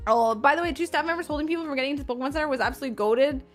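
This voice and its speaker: A woman's voice: sits high, racing, soft background music. A woman streamer chatting casually with her viewers, bubbly and effusive, reacting to chat as she tells stories. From Seattle area.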